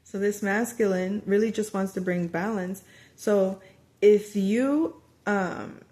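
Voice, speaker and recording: A woman giving a casual spoken tarot reading to her viewers, chatty and animated, often quoting lines of dialogue and trailing off into fillers and restarts. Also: mid-range voice. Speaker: tarot reader.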